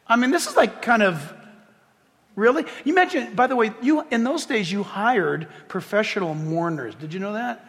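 Brief: animated, joking male pastor, high voice, long church-hall reverb. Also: moderate pace. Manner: animated, jokey, acts out the scripture scenes. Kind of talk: sermon.

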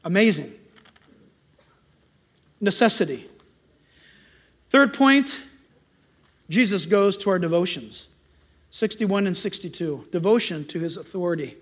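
A middle-aged pastor preaching a sermon, telling stories in an animated way and acting out loud greetings. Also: male voice, high voice, measured pace, long pauses.

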